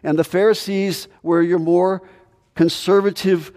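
A man preaching a sermon as pastor, earnest and measured as he explains the scripture verse by verse. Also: sits high, steady tone, warm tone. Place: church sanctuary. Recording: church hall with long reverb.

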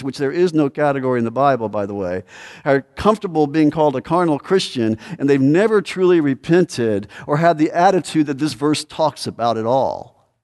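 A man's voice: mid-range voice, darkish tone. A man preaching a sermon as a pastor, earnest and repetitive, rising to sudden emphatic peaks. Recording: long hall reverb.

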